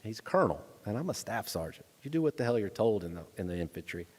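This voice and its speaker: A man's voice: fairly low pitch, big pitch swings, fast, a little mellow. A man in his thirties telling a personal story to a lecture audience, acting out voices with dry humor. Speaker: guest speaker, veteran. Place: lecture hall. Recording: long hall reverb.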